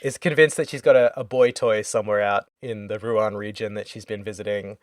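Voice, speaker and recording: A man's voice: on the low side, fairly even intonation, a little fast, no room sound, clean studio sound. A man co-hosting a podcast, casually recapping a story game's plot and dropping into quoted character lines. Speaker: podcast co-host. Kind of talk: casual game recap chat.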